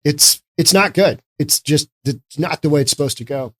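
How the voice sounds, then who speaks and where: A man's voice: a little high, moderate pace, fairly bright tone. A man giving casual political commentary in a sarcastic, rambling way.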